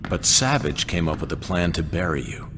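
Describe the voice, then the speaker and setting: An actor playing an earnest, powerful superhero who speaks steadily and directly. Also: male voice, sits low, lively intonation, moderate pace, background noise. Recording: animation soundtrack with loud score.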